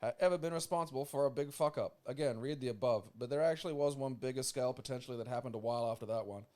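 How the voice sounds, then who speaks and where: A young Australian podcast host with a medium-pitched, somewhat mellow voice races through listener letters read aloud. He keeps breaking off for sweary, joking asides.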